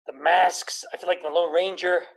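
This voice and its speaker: A middle-aged man, a doctor, doing a stand-up comedy routine, telling deadpan jokes and putting on quick voices of patients. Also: high voice, creaky, poor audio. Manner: deadpan joke delivery with put-on patient voices.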